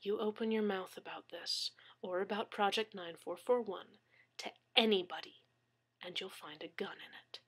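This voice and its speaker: A woman's voice: mid-range voice, fairly even intonation, very slow, pauses often, a bit bright. A woman voicing a menacing male thug with a gun, in a cold, threatening whispered role-play. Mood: cold menace.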